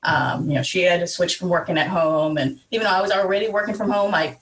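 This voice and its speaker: An easygoing woman talks as a guest on a casual podcast interview. Her voice is somewhat low for a woman, and she sounds set back from the microphone. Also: fast. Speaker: wine writer and guest. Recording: distant from the mic.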